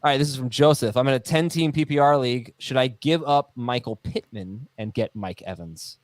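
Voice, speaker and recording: A man's voice: mid-range voice, brisk, dry recording. A man hosting a casual sports podcast, joking around and reading listener emails aloud with laughs. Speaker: podcast host.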